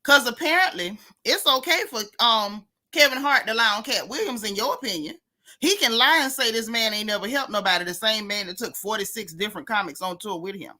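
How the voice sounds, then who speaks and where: A woman's voice: on the high side, brisk, bright, forceful tone. A woman hosting a casual gossip livestream, sassy and mocking as she talks straight to her viewers. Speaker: host of a gossip channel.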